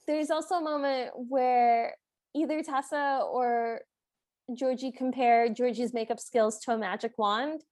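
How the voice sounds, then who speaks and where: A high-pitched woman chatting as a podcast co-host, playfully recapping a movie scene by scene. She slips into the characters' lines as she goes, with light laughter through her talk. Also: fairly even intonation, measured pace, darkish tone. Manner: playful, acts out quotes with laughs. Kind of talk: casual chat recapping a movie.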